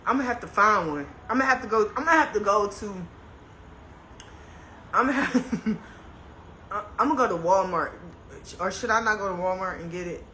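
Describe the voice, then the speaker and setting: A woman's voice: a little high, pushed and bright. A woman chatting casually on a livestream, laughing as she complains dramatically about a stiff, sore neck and reads out comments. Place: indoors, on a couch. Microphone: phone. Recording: echoey room, faint noise.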